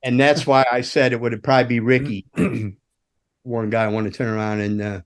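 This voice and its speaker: A man's voice: medium pitch, moderate pace. A man telling road stories in a casual podcast chat, swearing freely and acting out the voices of the people he quotes. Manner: profane, animated storyteller who acts out quotes. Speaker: guest, former roadie.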